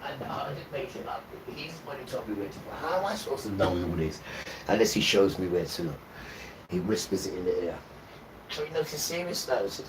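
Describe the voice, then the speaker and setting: A man hosting a livestream and talking informally about scripture, rambling and swinging between quiet mutters and loud outbursts. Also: medium pitch, a little fast. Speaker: livestream host. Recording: distant mic with steady background noise.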